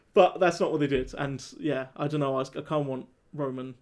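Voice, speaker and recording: A man co-hosting a casual film review chat, animated and laughing as he acts out scenes. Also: on the high side, normal speed. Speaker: podcast co-host.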